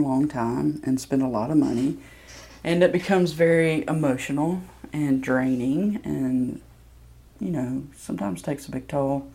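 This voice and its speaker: A woman's voice: sits low, mellow. A woman from Mississippi, candidly telling a personal story with plenty of ums. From Mississippi, USA. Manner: candid, self-deprecating, loose with fillers.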